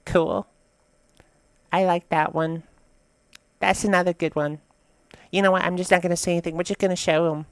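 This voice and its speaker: A woman with a lowish, smooth voice hosts a casual reaction video. She reads captions aloud and then riffs on them, chatty and blunt, with plenty of swearing. The sound is dry and close. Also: steady tone, moderate pace, pauses often, dry recording. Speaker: host reacting to memes.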